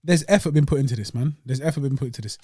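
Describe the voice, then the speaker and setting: This young man races through a casual, slangy podcast chat about a dessert he's eating as part of his review show. His mid-range voice is warm with a breathy edge, and the recording has no echo.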